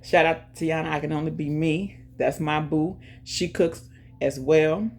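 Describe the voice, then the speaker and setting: A woman hosting her own channel, chatting casually and directly to viewers, giving shout-outs and talking about faith. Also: low voice, fairly even intonation, unhurried, soft background music. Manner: chatty, talks straight to viewers with lots of "y'all". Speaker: YouTube channel host. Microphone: earphones in, music playing in her ear.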